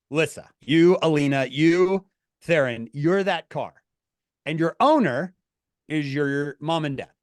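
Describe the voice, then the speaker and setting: A man with a slightly high voice leads an online class for teenagers, telling an animated story and jumping into different voices for the dialogue. His voice comes across dry and close, with no room sound around it. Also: no room sound. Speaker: teacher of teenagers. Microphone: video call.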